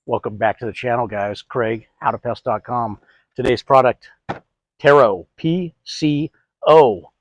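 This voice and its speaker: A man's voice: medium pitch, unhurried, dry recording. A middle-aged man hosting a DIY product tutorial, chatty, asking and answering his own questions. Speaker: host.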